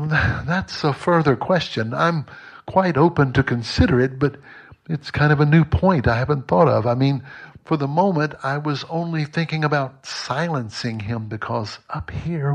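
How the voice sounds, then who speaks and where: A man's voice: a little high, measured pace, breathy edge, pitched above the performer's own voice. A man putting on a whiny, flustered ghost. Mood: evasive. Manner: flustered, stammering excuses. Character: dark oily male ghost, evasive and whiny.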